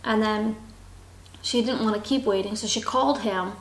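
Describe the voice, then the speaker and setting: A young woman telling a casual travel story, animated and acting out the voices of the people in it. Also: medium pitch, normal speed, reverberant. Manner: animated, acts out quoted voices. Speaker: vlogger.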